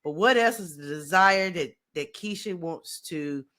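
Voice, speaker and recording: A woman's voice: fairly low pitch, expressive, measured pace, a bit bright. A woman coach hosting a podcast, chatting and encouraging her guest in an easy, colloquial way. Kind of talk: casual interview.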